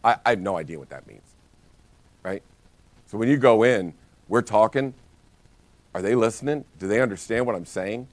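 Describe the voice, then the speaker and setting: Low-voiced man coaching agents. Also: normal speed, pauses often, dry recording. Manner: energetic storytelling with many restarts. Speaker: real estate brokerage trainer. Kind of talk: live training talk.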